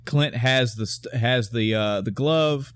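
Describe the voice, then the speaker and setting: A man co-hosts a casual film podcast with a rambling, profanity-laced delivery. He keeps tripping over names and restarting sentences. His voice sits at a middling pitch and is recorded close and dry, with no room sound. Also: slow pace, clean tone, dry recording. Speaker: podcast co-host.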